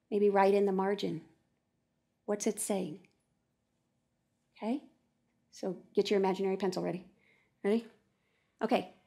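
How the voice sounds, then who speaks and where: A woman's voice: mid-range voice, normal speed, vocal fry, long pauses. A woman teaching a class, reading a text aloud and voicing her thoughts about it as she goes. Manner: animated, switching between reading aloud and thinking aloud. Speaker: teacher trainer. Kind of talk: classroom think-aloud demonstration. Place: classroom with an audience.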